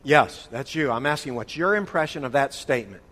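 A man with a slightly high voice leads a church Bible study, quizzing his listeners and teasing them by name. His words ring out with a long reverb in a big hall. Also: fairly quick, fairly bright tone. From northern United States. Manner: playful, calls on listeners by name. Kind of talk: interactive church teaching session.

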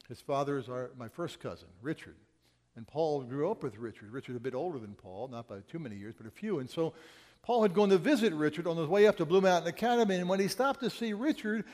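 A man preaching a sermon and telling stories, swinging between loud urgent quotes and quiet asides. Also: a little high, long reverb tail. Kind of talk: sermon storytelling.

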